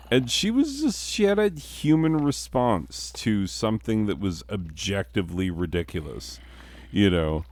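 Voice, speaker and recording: A man's voice: low voice, a little mellow, no room sound. A middle-aged man, a teacher and father, rambling through a profane, self-deprecating confessional monologue.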